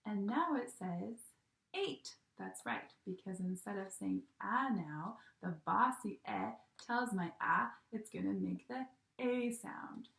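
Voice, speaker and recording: A woman's voice: mid-range voice, lively intonation, slow pace, vocal fry, a bit bright. A woman teacher giving a recorded phonics lesson to young children, patient and sing-song, often checking in with "okay?". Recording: echoey room.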